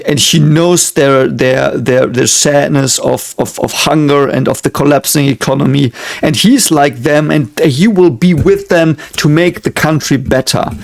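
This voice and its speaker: A man's voice: on the high side, creaky. A man with a German accent, hosting a casual reaction video and musing earnestly, often circling back on his own words.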